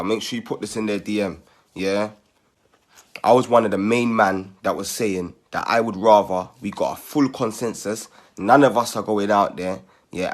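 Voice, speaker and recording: A man making a rallying community appeal, persuasive and ending his points with "yeah?". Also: lowish voice.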